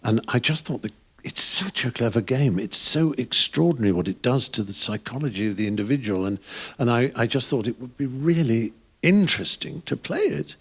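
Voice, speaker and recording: Husky-voiced older English man telling anecdotes. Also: medium pitch, animated, fairly quick. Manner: rambling anecdotal storytelling with frequent restarts and laughs. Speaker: guest. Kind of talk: live podcast interview, anecdotes. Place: pub venue before a live audience.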